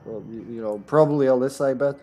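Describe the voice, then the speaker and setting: A man's voice: mid-range voice, quick pace, dark tone. A man streaming a video game with friends, chatting casually, joking and laughing often. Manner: jokey, laughs often, rambling. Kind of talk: casual gaming chat.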